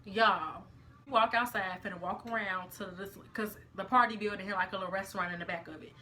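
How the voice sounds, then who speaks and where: Young woman, storytime vlog, animated slangy delivery, bright voice, faint background noise. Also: mid-range voice, fairly quick. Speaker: vlogger.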